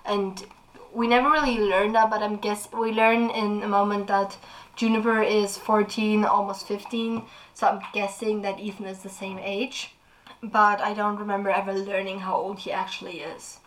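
A woman's voice: medium pitch, little pitch movement, normal speed, low-quality recording. A woman talking through a novel in a casual book review, opinionated and thinking aloud with frequent restarts.

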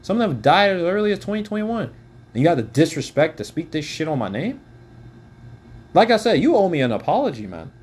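A very animated man in his twenties, voice a little high with a breathy edge, rants angrily and fairly quickly as a podcaster. He's heated, swears frequently and speaks directly to the audience.

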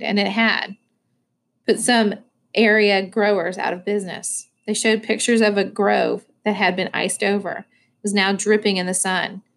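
A woman reading a novel aloud in a plain, even first-person narration. Her voice sits at a middle pitch, and she keeps a steady, unhurried storytelling tone. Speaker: audiobook reader.

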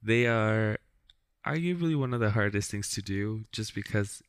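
Guy with a lowish voice, swears a lot, blunt and wry, dry close mic. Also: animated, moderate pace, clear, resonant tone, no room sound. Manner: frank, profane, wry. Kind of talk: casual chat.

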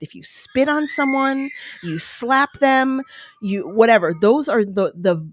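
A woman's voice: medium pitch, no room sound. An earnest woman talks her viewers through a clip, taking her time and swinging her voice up and down as she makes each point. She sounds emotional and a little apologetic, recorded dry and close with no room sound. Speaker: video commentator. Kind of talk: reaction commentary on a clip. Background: baby making noises.

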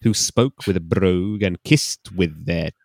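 A man's voice: deep voice, unhurried, vocal fry, a little mellow, no echo, clean studio sound. A man hosting a podcast, reading a novel aloud with wry, mock-dramatic comic asides.

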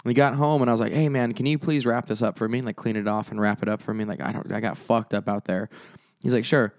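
A man's voice: on the low side, fairly even intonation, quick pace, no echo, clean studio sound. A man telling a long story in casual chat, rambling with lots of filler words and swearing.

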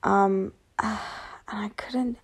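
A woman, worn out from lack of sleep, vlogs candidly to camera in a very slow, fairly even, medium-pitched voice with a breathy edge. She rambles frankly about personal things and swears often.

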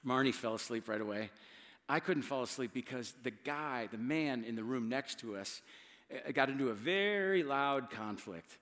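A middle-aged man preaching a sermon as a pastor, conversational and emphatic, with dramatic pauses and repeated words. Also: medium pitch, lively intonation, fairly bright tone, long reverb tail.

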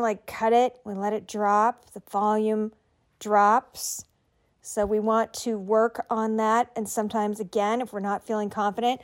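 A middle-aged woman hosting a podcast, giving writers friendly, conversational tips. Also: on the high side. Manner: encouraging, conversational, tells listeners what to do. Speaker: podcast host and writing coach. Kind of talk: instructional podcast talk.

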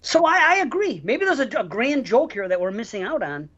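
A man hosts a casual podcast and reads listener mail aloud to his co-hosts. His pitch swings widely as he talks, and the audio is a little dull and lo-fi. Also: very animated, brisk, a bit bright. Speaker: podcast host.

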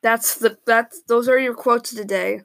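A woman's voice: a little high, steady tone, moderate pace, creaky, no echo. A young woman co-hosting a casual podcast, playful and giggly, often tripping over her words. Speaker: podcast co-host. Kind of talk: casual chat.

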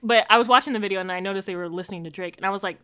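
A woman in her twenties from the United States co-hosting a podcast in casual, slangy, animated chat, laughing often. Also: medium pitch, rapid-fire, clear, resonant tone. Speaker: podcast co-host.

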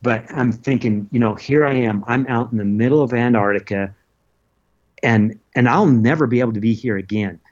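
A man telling the story of his expedition in an interview, earnest and halting, with many restarts. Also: mid-range voice, a little mellow, muffled recording. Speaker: interview guest, polar adventurer. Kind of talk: casual recounting of an expedition.

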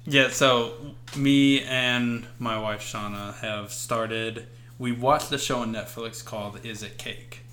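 Bright-voiced, rambling man on a podcast. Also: mid-range voice, fairly even intonation, takes it slowly. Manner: rambling, hesitant, easygoing. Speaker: podcast co-host. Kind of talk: casual chat.

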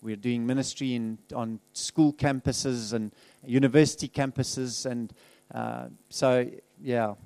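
A man's voice: medium pitch, fairly even intonation, takes it slowly, mellow, dry recording. A middle-aged man giving a candid, conversational testimony as a guest speaker in a church, laughing often and restarting his sentences.

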